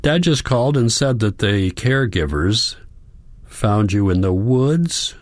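A man's voice: fairly low pitch, animated, unhurried, dry recording, studio quality, voice pushed up. A man voicing a worried young woman, a caring granddaughter, speaking earnestly and pleadingly in an audiobook.

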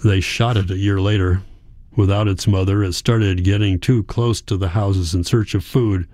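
Low, mellow male audiobook narrator. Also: steady tone, no room sound. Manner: quiet, measured and reflective. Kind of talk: first-person literary narration.

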